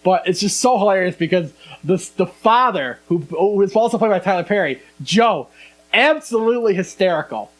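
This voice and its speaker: Animated young man, high voice. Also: normal speed. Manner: animated storyteller, acts out quoted lines. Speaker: podcast host. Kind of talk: casual chat.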